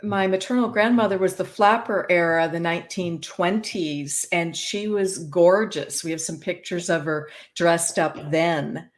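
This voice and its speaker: A woman's voice: fairly low pitch, measured pace, few pauses. A woman host receiving a reading, affirming it and sharing her own stories. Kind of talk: casual chat.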